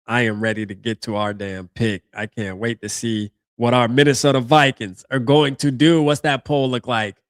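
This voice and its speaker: A man's voice: mid-range voice, fairly even intonation, moderate pace, few pauses, dry recording, clean studio sound. A man hosting a live reaction stream, talking casually in slang and thinking aloud as he goes.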